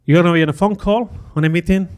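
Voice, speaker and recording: A middle-aged man tells a personal story at a conference, his voice sitting slightly higher than most. He pokes fun at himself and slips into little acted-out quotes of what he was thinking. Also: very fast, clear, resonant tone. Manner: animated, self-deprecating, acts out quoted thoughts. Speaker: conference speaker.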